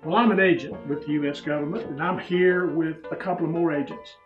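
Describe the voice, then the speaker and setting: A man's voice: on the high side, a little fast, roomy sound, recorded from a distance, highs cut off, faint music behind, close to an everyday voice. A man playing an earnest undercover government agent with polite manners.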